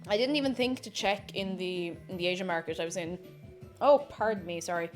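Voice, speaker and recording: A woman's voice: fairly low pitch, a little fast. A young woman chatting casually on a live stream, reading chat aloud and talking with her mouth full. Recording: faint music behind.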